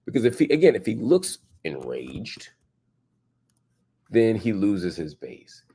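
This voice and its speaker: A man's voice: lowish voice, wildly swooping pitch, takes it slowly, warm tone, husky. A man hosting a reaction commentary, emphatic and repeating his points for stress. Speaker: show host and commentator. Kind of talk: reaction commentary on a played clip.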